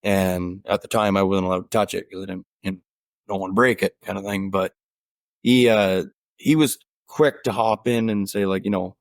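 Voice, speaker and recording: A man's voice: lowish voice, normal speed, dry recording, studio quality. Man with an Ottawa Valley twang. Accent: Ottawa Valley country twang. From Ontario, Canada. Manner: relaxed, rambling with fillers and restarts. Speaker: guest musician. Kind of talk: casual interview chat.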